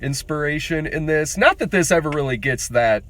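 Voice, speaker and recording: A man reviewing a film in loose, casual conversation, his pitch swinging widely as he gets animated. He swears freely and breaks into laughter often. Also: normal speed. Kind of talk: casual movie review chat.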